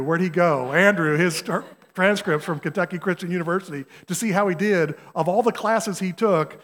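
Male guest preacher, slightly high voice, chatty and folksy, long hall echo. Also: a bit bright. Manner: conversational, asks the congregation questions, folksy examples. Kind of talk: sermon. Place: church sanctuary.

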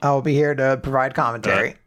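A man's voice: mid-range voice, quick pace, a bit bright. A young man co-hosting a casual comedy chat, profane and giggly, leaning into theatrical impressions. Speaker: podcast co-host.

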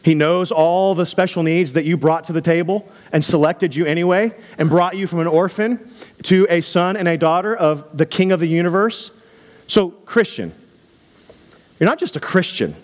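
A man preaching to a congregation, animated and conversational, dropping low for asides. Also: moderate pace. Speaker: pastor. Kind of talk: sermon.

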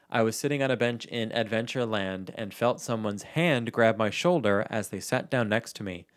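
Man, mid-pitched voice, casual podcast co-host, amused, laughs easily. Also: dry recording, clean studio sound. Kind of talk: casual chat, reading listener stories.

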